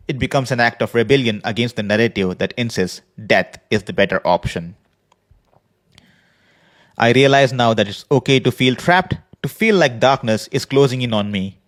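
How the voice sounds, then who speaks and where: A man hosting a podcast, speaking in an earnest, measured personal monologue from a prepared script. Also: mid-range voice. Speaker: podcast host. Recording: podcast voice recording.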